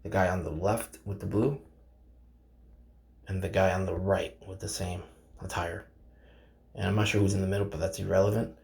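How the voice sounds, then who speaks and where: Gravelly low-voiced man reading aloud. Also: steady tone, a little mellow. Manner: halting, stumbles over names, chats to viewers. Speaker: channel host reading a game novel aloud. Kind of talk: casual read-aloud with commentary.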